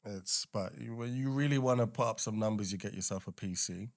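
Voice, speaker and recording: A man's voice: on the low side, brisk, creaky. A man, a singer guest on a podcast, talking in a laid-back, dry, matter-of-fact way. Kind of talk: casual chat.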